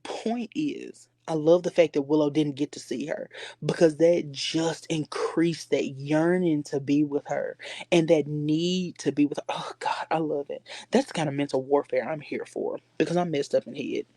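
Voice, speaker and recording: Low, mellow woman chatting on a live stream. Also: moderate pace, dry recording. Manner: animated, teasing, repeats words for emphasis. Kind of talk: casual chat about a TV show.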